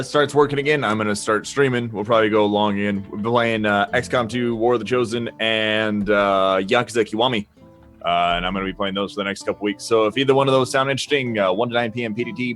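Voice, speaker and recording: A man's voice: medium pitch, lively intonation, brisk, soft background music. A man playing in the game, casually plugging his streaming schedule in an upbeat, rambling way. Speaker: player and streamer. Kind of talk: casual chat.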